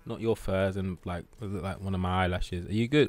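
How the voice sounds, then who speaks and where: A man streaming a video game live, chatting casually, swearing, shouting at the game and teasing his cat. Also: low-pitched, steady tone, fairly quick, hardly any pauses, no room sound.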